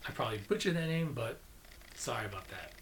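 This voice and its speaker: A man's voice: mid-range voice, lively intonation, quick pace, vocal fry, fairly bright tone, slight background noise. Chatty man reviewing movies casually. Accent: non-native English, own accent. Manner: chatty, self-correcting, enthusiastic.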